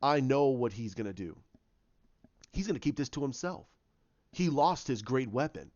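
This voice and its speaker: A man voicing a scheming ancient male dark lord who lectures in a slow, deep, commanding way. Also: lively intonation, no room sound, highs cut off, close to an everyday voice. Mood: menacing.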